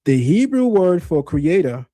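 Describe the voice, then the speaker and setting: A man teaching on a live stream, emphatic and insistent, pressing his points again and again. His voice sits a little high for a man yet sounds mellow, and the recording is dry and close. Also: big pitch swings, unhurried, dry recording. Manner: emphatic, insistent, repeats points to drive them home.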